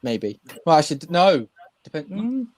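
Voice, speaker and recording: High-voiced emotional man. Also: big pitch swings, normal speed, dry recording. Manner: emotional, retells scenes with quoted lines. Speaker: podcast co-host. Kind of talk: casual fan review chat.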